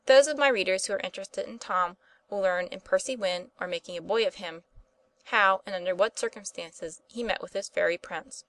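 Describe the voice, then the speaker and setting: A woman reading an old-fashioned children's story aloud in steady narration. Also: mid-range voice, normal speed, dry recording. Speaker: audiobook reader. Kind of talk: scripted narration.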